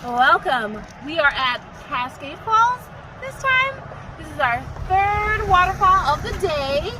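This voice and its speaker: A woman's voice: extremely high pitch, big pitch swings, slow, heavy background noise. A woman hiking vlogger talking casually outdoors on forest trails, chatty, upbeat and self-mocking. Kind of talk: casual vlog narration.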